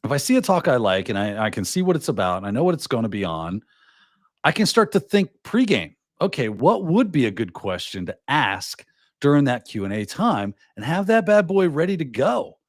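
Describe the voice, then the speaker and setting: Man, podcast host, casual advice, animated pitch, acts out quoted voices, dry sound. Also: moderate pace, no room sound.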